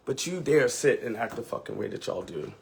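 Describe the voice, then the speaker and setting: A man's voice: medium pitch, expressive, fairly quick, creaky, breathy edge. A man who is a ballroom house mother, telling an emotional, candid and profane story on a live stream with sassy, dramatic delivery.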